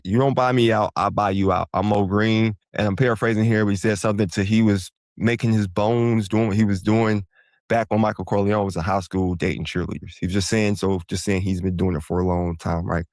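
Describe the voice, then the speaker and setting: Talking fast in a fairly low, darkish voice with fairly even intonation, a man hosts a solo podcast about finances. He rambles, wanders off on tangents and corrects himself, all in a dry, clean studio recording.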